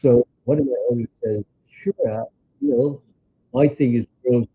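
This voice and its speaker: A man in his nineties with a New York accent, telling rambling stories in a halting way with many filler sounds. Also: medium pitch, steady tone, slightly rough, no room sound. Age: 90s. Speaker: interview guest, grandfather. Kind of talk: casual storytelling chat. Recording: tinny phone-like sound.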